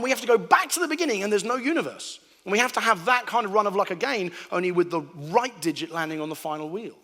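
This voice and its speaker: A lively man preaching to a crowd in a large hall, his fairly high voice trailing off into long reverb. He tells his points as stories, acting out sounds and little voices with comic timing. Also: fast, hardly any pauses. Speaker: preacher giving a talk. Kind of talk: humorous sermon to a live audience. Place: large hall before an audience.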